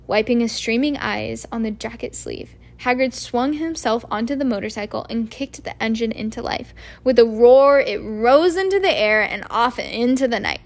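A woman's voice: a little high, normal speed, creaky. A woman narrating a storybook aloud as an amateur reader, often stumbling and restarting words.

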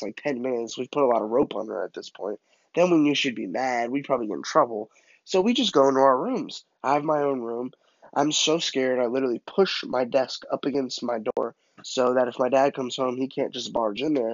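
A man's voice: mid-range voice, no room sound, highs cut off. Man telling a comic story. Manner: animated, self-mocking.

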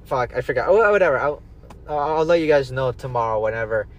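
A young man hosts a casual podcast, rambling through stories, quoting people and swearing freely. His medium-pitched voice is quick and lively in intonation, though the recording sounds muffled.

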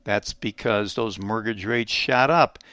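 A man's voice: on the low side, a little slow, pushed and bright, dry recording. A man hosting a program, giving an emphatic economic commentary monologue full of rhetorical questions. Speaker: radio program host.

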